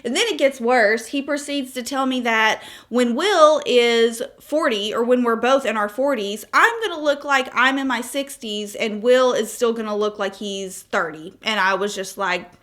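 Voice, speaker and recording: A woman's voice: a little high, moderate pace, few pauses, a bit bright. A 25-year-old woman chatting casually through a makeup tutorial, telling stories with asides and laughs. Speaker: beauty vlogger.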